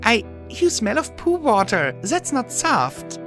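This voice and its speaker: A man's voice: a little high, sing-song, moderate pace, music in the background, voice pushed up. A man voicing a defensive, pouting female unicorn pony heroine. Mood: indignant.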